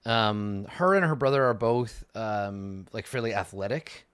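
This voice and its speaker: Low-voiced male game master. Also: measured pace, fairly bright tone, clean tone, no room sound. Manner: hesitant, full of fillers. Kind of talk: narrating a tabletop game.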